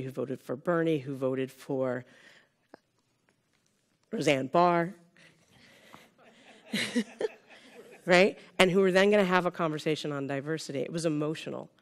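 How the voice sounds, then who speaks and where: A woman's voice: low-pitched, normal speed, long pauses. Conversational woman keynote speaker in her fifties. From Sonoma County, California. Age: 50s. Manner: conversational, with frequent "right?" tags to the audience. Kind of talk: conference keynote talk. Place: conference room with a live audience.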